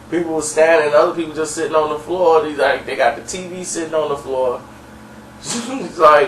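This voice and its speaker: A man's voice: a little high, measured pace, slight background noise. A man telling a story in a casual, rambling way with many fillers and chuckles. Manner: rambling, laughing, full of fillers. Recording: echoey room, far from mic, faint ambience.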